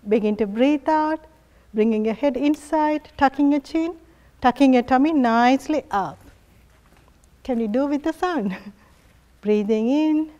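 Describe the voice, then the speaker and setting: A woman yoga instructor guiding a family class in a gentle, encouraging way, often laughing softly. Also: high-pitched, unhurried, dull audio.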